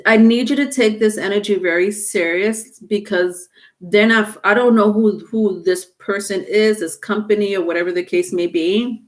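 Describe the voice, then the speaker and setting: A woman doing a live tarot reading, talking casually, halting and repeating words, with some swearing. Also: medium pitch, fairly even intonation. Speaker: tarot reader.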